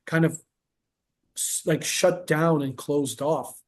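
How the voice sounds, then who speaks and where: A male therapist speaks in a relaxed interview, earnest and patient as he walks through examples. His voice sits a little high for a man. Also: takes it slowly. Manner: earnest, explains with patient examples and quoted dialogue. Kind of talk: casual podcast interview.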